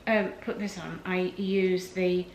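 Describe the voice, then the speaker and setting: An older woman chats about her skincare in a hesitant way, often pausing on ums and starting over. The room gives her voice a roomy echo, and a faint hum runs underneath. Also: lowish voice, fairly even intonation. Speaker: guest, host's mother. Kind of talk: casual chat.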